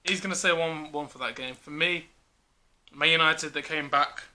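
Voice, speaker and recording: Bright-voiced man running football picks. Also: on the high side, normal speed. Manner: leads the talk, quizzes his co-host, laughs often. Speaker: host. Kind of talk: casual football prediction chat.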